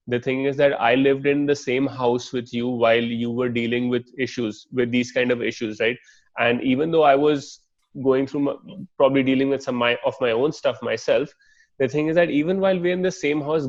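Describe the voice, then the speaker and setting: A young man in a casual podcast chat who talks reflectively and keeps checking in with "right?" and "okay?". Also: mid-range voice. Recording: dull lo-fi sound.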